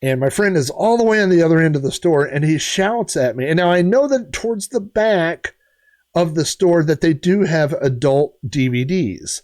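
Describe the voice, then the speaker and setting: A man's voice: fairly high pitch, expressive, normal speed, a little mellow. A middle-aged man streaming retro games, telling a story casually with lots of fillers and restarts. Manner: rambling, many fillers and restarts.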